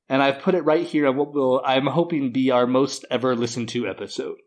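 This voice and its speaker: In a relaxed podcast conversation, this co-host works through a lengthy off-color joke, laughing frequently and leaning heavily on filler words as he rambles. He speaks at a moderate pace in a steady, mid-range voice.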